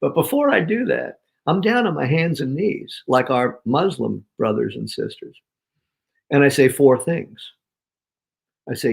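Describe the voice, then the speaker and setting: A man in his sixties speaks as an interview guest in an animated, slangy way. His delivery is emphatic, and he laughs often. His pitch swings widely from low to high. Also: moderate pace, creaky. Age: 60s.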